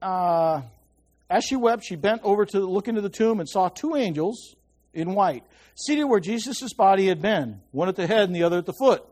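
A man preaching a conversational Bible teaching, often checking in with his listeners and dropping to a hushed voice to stress a point. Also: high voice, expressive, moderate pace.

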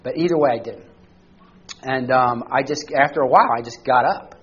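A man's voice: medium pitch, moderate pace, fairly bright tone, lo-fi sound, a little hiss or hum. Conversational man teaching a Bible class. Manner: conversational, asks the group questions, frequent "all right?". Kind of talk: teaching a church study class. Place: room with a group of listeners.

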